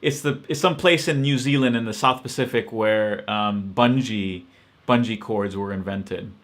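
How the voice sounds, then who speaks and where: A man's voice: on the low side, normal speed, a bit bright. A man hosting a casual live-stream Q&A, answering questions in a hesitant, reflective way with many ums and restarts.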